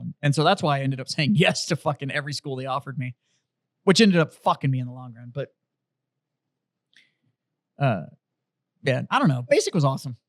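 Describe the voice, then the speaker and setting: Male podcast host, profane animated storyteller, mid-pitched voice, dry close sound. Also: brisk, long pauses, no room sound. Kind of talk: casual chat, storytelling.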